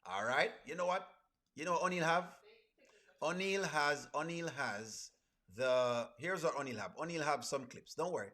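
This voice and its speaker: A man's voice: fairly high pitch, expressive, normal speed, pushed and bright. A man hosting a casual livestream, reacting to clips and reading chat aloud with a playful manner and frequent laughter. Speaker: reaction streamer.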